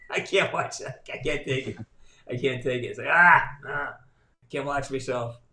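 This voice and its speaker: A man's voice: medium pitch, fairly even intonation, normal speed, bright, forceful tone. A middle-aged man talking as a podcast guest, a blunt and profane storyteller. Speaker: guest voice actor. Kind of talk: casual podcast conversation. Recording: roomy echo.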